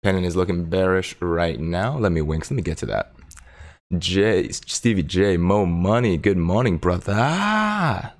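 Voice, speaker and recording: A man with a gravelly voice hosting a casual stock market livestream from his home desk, chatting, reading viewer comments aloud and talking to his dog. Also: low voice, normal speed, darkish tone. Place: home desk in Silicon Valley.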